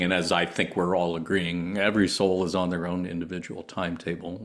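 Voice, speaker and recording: A man hosting a spiritual discussion podcast, speaking in a thoughtful, measured way with some hesitations. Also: deep voice, fairly bright tone. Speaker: podcast host.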